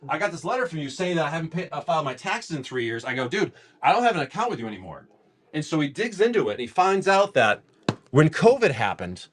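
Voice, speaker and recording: With a fairly high-pitched voice, a livestream card seller tells a casual story while opening card packs. He comes across as chatty and animated, frequently using "dude" and "like."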